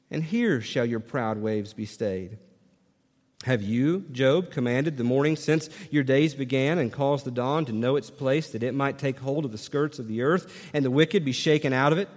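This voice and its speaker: A man preaching a sermon and reading scripture aloud, animated and questioning his listeners. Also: on the high side, big-room sound. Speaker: pastor.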